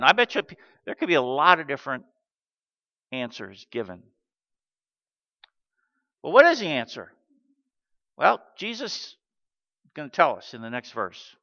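A man in his sixties preaching a sermon, animated and acting out the quotes he tells. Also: a little high, moderate pace, long pauses. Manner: animated, acts out quotes in character. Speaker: pastor. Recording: dull recording with long hall reverb.

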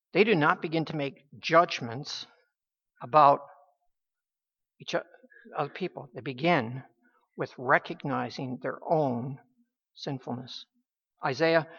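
A woman preaching a sermon in a halting, emphatic way, with many restarts. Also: low voice. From United States. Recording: dull lo-fi recording.

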